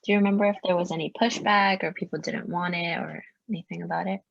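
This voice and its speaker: A young woman reads interview questions in a measured tone. Her low voice has a gravelly edge, and the recording sounds dull and lo-fi. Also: fairly even intonation. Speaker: student interviewer.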